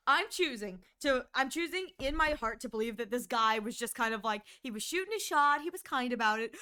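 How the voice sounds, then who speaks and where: During an art stream, a woman gossips casually with her viewers, giggling and animated, laughing often. Her voice is a little high with a clean tone.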